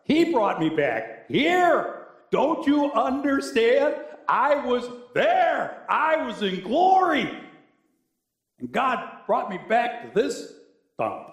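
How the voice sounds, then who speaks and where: A man's voice: very high voice, very animated, takes it slowly, roomy sound, pitched above the performer's own voice, exaggerated voice. A man voicing a weary, disgruntled man who has come back from the dead, in a sermon. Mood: exasperated. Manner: exasperated, complaining.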